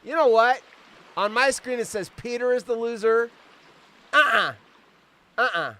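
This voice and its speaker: Lively foul-mouthed man in his fifties. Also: very high voice, slight background noise. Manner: profane, rambling, quick tangents. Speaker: host. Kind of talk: casual live-stream chat. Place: outdoors on vacation.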